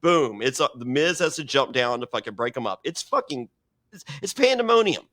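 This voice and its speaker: A mid-range, fairly bright male voice with a sing-song, fairly quick delivery belongs to a storytelling podcast guest who rambles, swears and voices the other characters himself.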